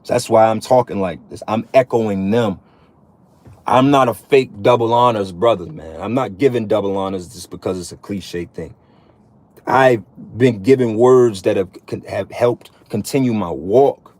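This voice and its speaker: Here a man in his thirties, a religious vlogger, preaches to other men at normal speed in a lowish, darkish voice. It's a blunt, profane street-preaching monologue, his sentences often tagged with "man."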